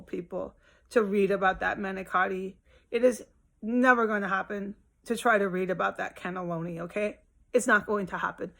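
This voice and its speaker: A woman's voice: mid-range voice, gravelly, fairly bright tone. A woman venting in a rambling, exasperated and profane monologue, recorded at home. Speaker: vlogger.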